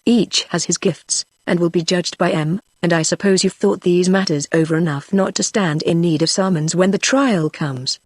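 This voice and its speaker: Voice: medium pitch, normal speed, hardly any pauses, no echo, clean studio sound, lightly acted. A text-to-speech voice reading the lines of a young male frontier hunter who speaks in an earnest, rustic backwoods dialect. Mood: solemn. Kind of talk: synthetic audiobook reading.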